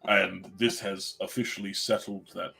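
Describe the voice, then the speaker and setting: A man role-playing his character at a tabletop game, speaking in a measured, formal, dry and hesitant way. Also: low-pitched, flat delivery, creaky, bright, forceful tone.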